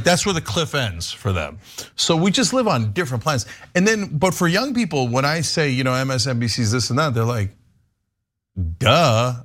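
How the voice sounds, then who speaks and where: A man's voice: a little high, fairly bright tone. A middle-aged man hosting a casual political podcast chat, emphatic and laughing often. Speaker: podcast host.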